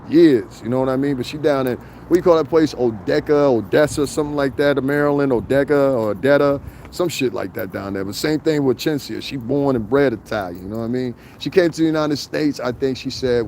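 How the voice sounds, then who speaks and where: A man's voice: medium pitch, a little mellow, a little hiss or hum. Profane New man chatting outdoors. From New York. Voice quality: loose, profane, rambling storyteller. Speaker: livestream host. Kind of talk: casual livestream chat reading comments. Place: outdoors in the cold, city street.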